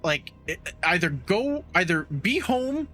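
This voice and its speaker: Bright, sarcastic man recapping a movie. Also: high voice, sing-song, unhurried, soft background music. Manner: sarcastic, recaps plot with blunt swearing. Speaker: podcast co-host. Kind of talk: casual movie recap chat.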